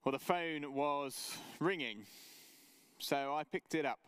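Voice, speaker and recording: A man preaching a sermon for an online church service, measured and earnest, with story-telling asides. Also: mid-range voice, fairly bright tone, clear, resonant tone, no echo. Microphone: camera mic, online service.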